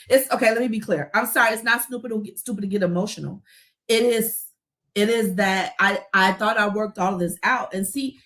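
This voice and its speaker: A woman hosting a live talk, speaking earnestly and encouragingly to listeners, emotional and close to tears. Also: medium pitch. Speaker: podcast host.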